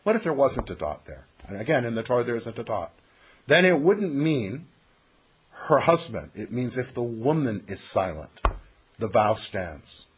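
Male teacher for a text study class, lively and emphatic, a bit husky, quizzes the room as he explains. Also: medium pitch, moderate pace.

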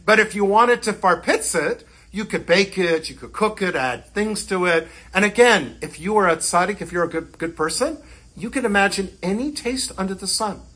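Male rabbi, animated joking teacher, husky and bright. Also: high voice, normal speed. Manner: animated and joking, with Yiddish words. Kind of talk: Torah lesson.

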